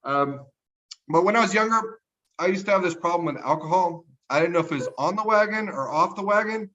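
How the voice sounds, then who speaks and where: A young man from Texas doing a stand-up set over a livestream, delivering deadpan one-liners and chuckling at his own jokes. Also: high-pitched, brisk, highs cut off. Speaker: stand-up comedian. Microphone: livestream mic.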